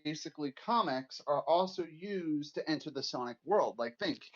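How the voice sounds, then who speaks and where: A man in a casual chat who gets excitable and keeps talking over the others. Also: on the high side, normal speed, faint music behind. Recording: dull lo-fi call audio.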